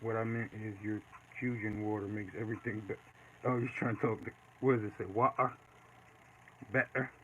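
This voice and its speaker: A man casually chatting while he draws live, reading and answering viewer comments in a relaxed way. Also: lowish voice, fast. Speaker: artist streaming live. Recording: dull lo-fi with faint noise.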